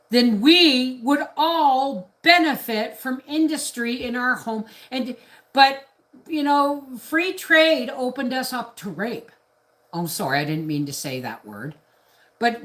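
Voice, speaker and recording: A woman's voice: mid-range voice, a bit bright. A middle-aged woman from Canada talking on a casual live stream, ranting in a rambling, indignant way with restarts. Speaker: homestead vlogger on a live stream.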